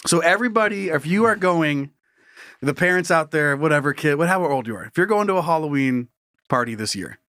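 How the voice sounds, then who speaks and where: Podcast co-host, man, higher-pitched, jokey and giggly, dry booth sound. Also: animated, brisk, a bit bright, dry recording. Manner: laughs often, acts out silly voices. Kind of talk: casual comedic chat.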